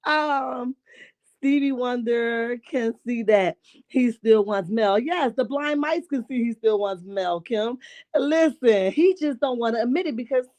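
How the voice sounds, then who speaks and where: A woman hosting a reality-show recap, talking in a casual, sassy and profane way, her voice a bit raspy this morning. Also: on the high side, a little slow, darkish tone. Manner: sassy, profane, rhetorical asides with "okay?" and "right?". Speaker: reality TV commentary host.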